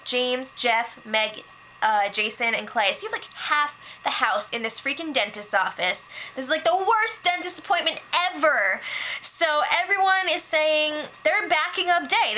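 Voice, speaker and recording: Bright chatty young woman recapping gossip. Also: on the high side, a little hiss or hum, poor audio. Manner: chatty gossiping, quick quoted voices, fillers like "like". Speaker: show update host. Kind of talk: casual recap vlog.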